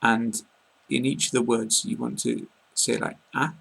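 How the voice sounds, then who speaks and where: A British man giving a casual online pronunciation lesson, speaking slowly and carefully and repeating example words. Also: mid-range voice, flat delivery, gravelly, a bit bright, slightly rough, low-quality recording. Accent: British English. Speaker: English pronunciation teacher.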